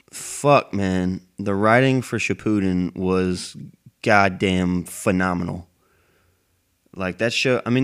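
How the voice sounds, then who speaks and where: A man's voice: lowish voice, smooth. A man rambling in a casual monologue, cursing heavily as he goes. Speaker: anime fan vlogger.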